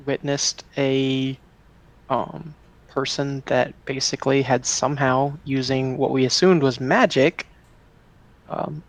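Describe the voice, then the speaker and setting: A man playing a tabletop game, describing his character's account in a halting way with many fillers. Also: mid-range voice, poor audio. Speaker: player.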